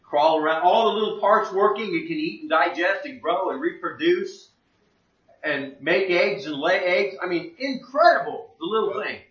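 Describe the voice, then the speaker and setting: A man's voice: high-pitched, lively intonation, normal speed, fairly bright tone. A man teaching the Bible in a conversational sermon, plain-spoken and fond of rhetorical questions. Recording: echoey room, distant mic, dull lo-fi.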